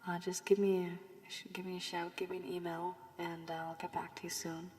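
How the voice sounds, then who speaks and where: A woman giving a tarot reading with advice, her voice worn from illness, speaking softly and often half-whispering. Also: lowish voice, completely flat delivery, a little fast. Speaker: tarot reader. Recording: long room reverb, faint background hiss.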